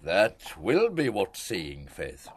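An actor playing a gruff, sardonic older gentleman. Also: deep voice, huge pitch swings, slow, a little hiss or hum, full character voice. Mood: approving. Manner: gruff, dismissive.

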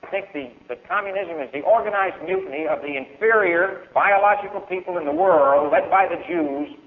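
A man speaks to a lecture hall in a declamatory, emphatic way, his voice pitched a little high. He swings between loud outbursts and low, pressing asides. The old recording is thin and tinny, as if heard down a phone line. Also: animated, fairly quick. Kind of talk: public speech and Q&A.

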